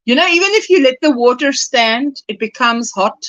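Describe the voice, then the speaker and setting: A woman's voice: sits high, expressive, moderate pace, fairly bright tone. A woman from South Africa hosting a casual crochet livestream, chatty and affectionate, laughing often and calling viewers sweetheart. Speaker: livestream host.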